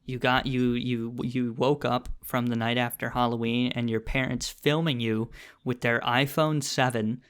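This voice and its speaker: A man's voice: mid-range voice, little pitch movement, measured pace, fairly bright tone, clean tone. A young man co-hosting a podcast in casual chat, telling rambling stories and laughing often. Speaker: podcast co-host.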